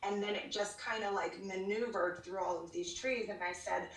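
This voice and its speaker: Over a call that sounds roomy and far off, a woman guest on a live church show tells her life testimony at normal speed. Her mid-range voice holds a steady tone as she speaks casually and earnestly, with fillers and restarts.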